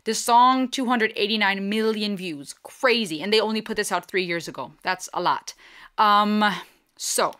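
A woman's voice: mid-range voice, moderate pace, a bit bright, clean tone. A woman from Germany hosting a reaction video, chatting casually, thinking aloud and dropping in German phrases. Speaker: reaction channel host.

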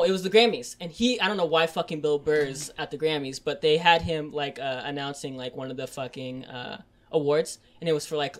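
A young man hosting a casual podcast chat, swearing constantly and ranting, getting louder and higher as he heats up. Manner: swears constantly, rants and gets loud and high when heated. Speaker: podcast host.

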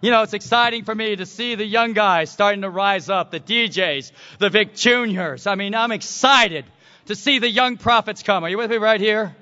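A man preaching a sermon, telling the story dramatically and swinging from shouts to hushed tones. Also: sits high, moderate pace. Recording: dull lo-fi recording.

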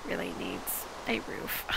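A woman's voice: takes it slowly, heavy background noise. A woman in her forties with a Midwestern American accent, chatting casually while she plays a game, rambling and dropping into half-whispered asides. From Iowa, United States. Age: 40s. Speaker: gaming video host. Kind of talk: casual gameplay chat.

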